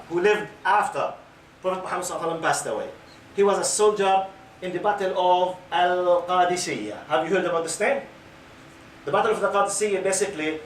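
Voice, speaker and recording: A man in his fifties with a fairly high voice lectures a room of young listeners and keeps asking them questions. His phrasing is loose and repetitive. The sound is roomy and distant, with faint background noise. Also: fairly bright tone. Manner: questions the audience and waits for answers. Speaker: Islamic lecturer. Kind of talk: lecture to a youth audience. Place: lecture hall with a live audience. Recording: echoey room picked up from a distance.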